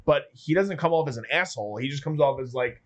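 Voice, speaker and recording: A man in a relaxed film-review discussion, speaking thoughtfully and posing questions to the group. His voice is somewhat high for a man. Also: fast. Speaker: podcast co-host.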